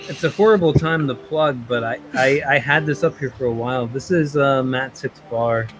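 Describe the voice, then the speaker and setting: A man's voice: medium pitch, moderate pace, low-quality recording. A man hosting a livestream, chatting casually and rambling with friends, faint music behind. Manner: rambling, laid-back. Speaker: livestream host. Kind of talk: casual group chat.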